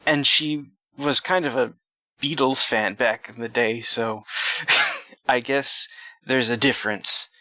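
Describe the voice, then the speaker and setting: A man's voice: medium pitch, steady tone, takes it slowly, pushed and bright, no echo. A man co-hosting a discussion podcast, wry and quippy, stumbling a little between thoughts. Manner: wry, quips, hesitant. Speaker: podcast co-host. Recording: dry, muffled lo-fi mic.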